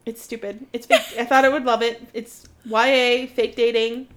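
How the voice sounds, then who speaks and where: She is a young woman with a fairly high voice who complains bluntly about books and swears freely. Her tone stays casual and emphatic, like friends venting to each other. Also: little pitch movement, moderate pace. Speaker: podcast co-host.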